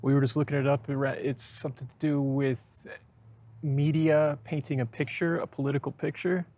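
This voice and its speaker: A man speaking as a guest in a casual conversation, measured and thoughtful as he works through ideas. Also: a little high, little pitch movement, warm tone. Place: outdoors on a college campus.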